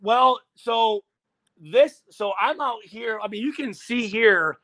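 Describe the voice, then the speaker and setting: Animated, profane ex-player telling stories. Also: male voice, very high-pitched, slow, no room sound. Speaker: former NFL player guest. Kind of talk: casual storytelling chat. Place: hotel room.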